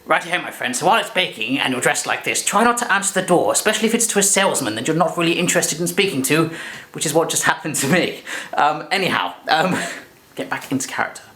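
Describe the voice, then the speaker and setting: A man's voice: fairly high pitch, expressive, quick pace, sharp tone. A man hosting a comic in-character cooking demo, jokey and rambling with self-correcting asides. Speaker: cooking video host.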